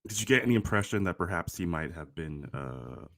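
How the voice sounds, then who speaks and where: A man co-hosting a podcast in casual chat, laughing along with short, quick replies. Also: deep voice, animated, fairly bright tone, no echo, clean studio sound. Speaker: podcast co-host.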